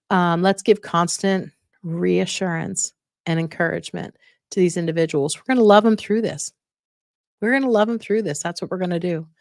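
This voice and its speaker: A woman's voice: lowish voice, creaky, no echo, clean studio sound. A woman hosting a casual advice podcast on dementia care, encouraging and often checking in with listeners.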